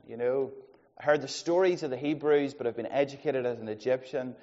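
Pastor preaching in a hall. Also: male voice, medium pitch, fairly quick. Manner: lively, swings between loud emphasis and quiet asides. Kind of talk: sermon. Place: church hall. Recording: dull sound in a long-reverb church hall.

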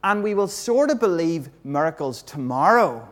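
Animated male preacher acting out stories. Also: on the high side, moderate pace. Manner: animated, acts out the story and quizzes the congregation. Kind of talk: lively all-age sermon with props.

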